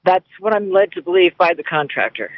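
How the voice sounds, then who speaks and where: Slightly high-voiced male radio caller. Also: lively intonation, fairly quick, no echo. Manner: earnest, explaining a neighbor's problem. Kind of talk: phone-in call. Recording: dull lo-fi radio stream.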